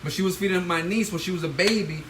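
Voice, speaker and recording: A middle-aged man, a chef, hosts a live cooking demonstration in his home kitchen, coaching viewers with repeated "all right?" and bursting into loud whoops. He talks into a handheld phone. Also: high-pitched, fast. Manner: coaching, tags lines with "all right?" and "okay?". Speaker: chef hosting a cooking stream. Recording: kitchen noise with frying sizzle.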